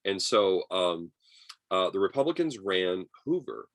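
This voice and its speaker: A low-pitched man lectures a class over a video call, talking loosely with plenty of fillers and jumping into higher voices to act out quotes. The sound is dry and close, with no room around it. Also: measured pace, dry recording. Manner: lively, acts out quotes in raised voices, many fillers. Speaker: history teacher.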